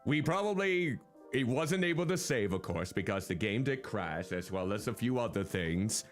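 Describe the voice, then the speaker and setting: Lively playful man hosting a game stream. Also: on the low side, moderate pace, soft background music. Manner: playful, babbles mock game dialogue. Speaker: streamer host. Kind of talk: casual game-stream chat.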